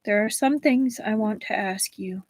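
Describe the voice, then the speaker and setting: A woman reading aloud and voicing a calm, gentle-seeming young nobleman who speaks in a soothing tone. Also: mid-range voice, a little slow, dry recording, lightly acted, poor audio. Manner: soft, soothing tone.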